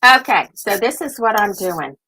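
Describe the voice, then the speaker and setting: A woman's voice: medium pitch, animated, normal speed, sharp tone, breathy edge. An older woman hosting a casual live stream, rambling and thinking aloud as she chats. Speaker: host.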